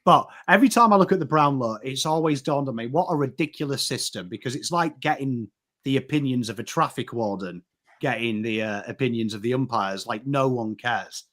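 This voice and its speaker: An English man co-hosting a casual football chat, animated and rambling, often restarting his sentences. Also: medium pitch, fairly quick. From England. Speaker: co-host.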